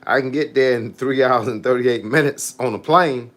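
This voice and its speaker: A relaxed man who coaches fitness talks loosely on a live stream. His pitch is medium for a man, and he keeps opening with "hey, look" as he answers viewers' comments. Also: moderate pace. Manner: laid-back, repeats "hey, look" and reads out viewer comments. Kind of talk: casual livestream chat with viewers.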